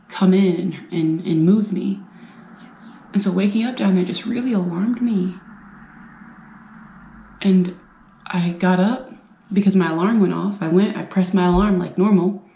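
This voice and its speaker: A woman from the United States telling her own survivor story in an earnest, halting way, repeating phrases for emphasis. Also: on the low side, gravelly, mellow. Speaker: brain injury survivor and veteran speaker. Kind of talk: personal storytelling talk. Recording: roomy echo.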